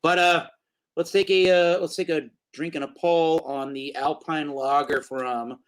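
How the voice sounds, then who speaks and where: A man's voice: a little high, fairly even intonation, measured pace, smooth, low-quality recording. A man hosting a casual beer review show, rambling through tasting notes with plenty of fillers.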